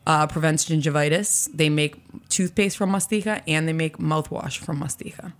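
A woman's voice: low-pitched, normal speed. A woman in her forties, a podcast guest chatting casually and acting out quotes in her stories. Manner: animated, acts out quotes. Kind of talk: casual storytelling chat.

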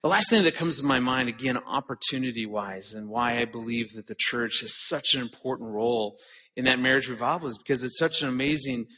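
Bright-voiced man giving an earnest talk. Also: medium pitch, fairly quick. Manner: earnest, storytelling, repeats words when starting sentences. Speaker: conference speaker. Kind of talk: earnest conference talk with personal story.

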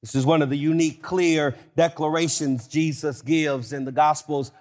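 A man preaching a sermon with emphatic delivery that builds to shouted declarations. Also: on the high side, steady tone, moderate pace. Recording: long hall reverb.

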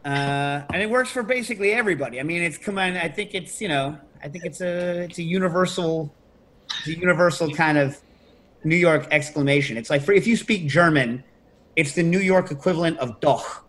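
A middle-aged man hosting a podcast, telling stories in a casual, animated way and breaking into loud shouted impressions. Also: a little high, brisk. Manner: animated storytelling, mimics loud New York shouts. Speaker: podcast host. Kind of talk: casual chat.

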